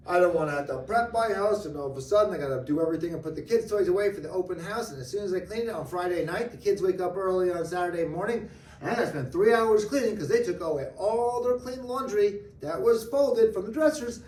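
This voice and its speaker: A man teaching a real estate training class live, acting out client dialogue in an animated way. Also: high-pitched, fairly quick. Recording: echoey room from far off.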